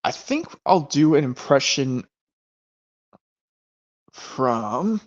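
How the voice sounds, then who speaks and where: A man chats casually on an online stream about the films he collects, rambling and tossing in quick asides. His pitch moves a lot, and the lo-fi audio sounds dull. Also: big pitch swings. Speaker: stream host.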